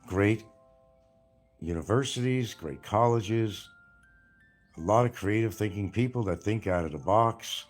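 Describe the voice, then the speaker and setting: A man's voice: fairly low pitch, unhurried, long pauses, faint music behind. An older man from New York with a mild New York accent, rambling bluntly and swearing freely in a casual monologue. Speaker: vlogger.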